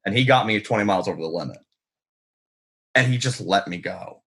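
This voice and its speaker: A man's voice: on the low side, animated, brisk, gravelly, fairly bright tone, slight background noise. A man, a guest author telling stories in a rambling, profane, self-deprecating way full of ums. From United States. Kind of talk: casual storytelling in an interview.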